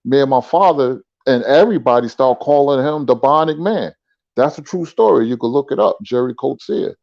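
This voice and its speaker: A man talking casually as a guest, telling stories in a relaxed, conversational way. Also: medium pitch, moderate pace, dry recording. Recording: dull lo-fi sound.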